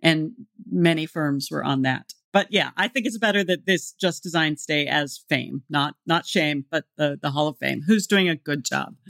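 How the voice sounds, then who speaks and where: A man's voice: fairly high pitch, normal speed, creaky, hardly any pauses, sharp tone, no room sound, studio quality. A man co-hosting a podcast who speaks in a frank, casual way and swears lightly. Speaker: podcast co-host. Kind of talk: conversational podcast interview.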